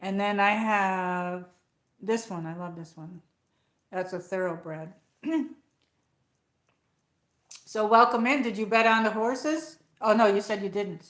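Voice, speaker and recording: A woman with an upstate New York accent chats casually on a livestream, wandering from one thought to the next and answering her viewers' comments. Her voice sits at a middle pitch. She is recorded at home in an echoey room. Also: slow pace, pauses often, fairly bright tone. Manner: rambling, chatty, reads out viewer comments. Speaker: livestream host. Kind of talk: casual live chat.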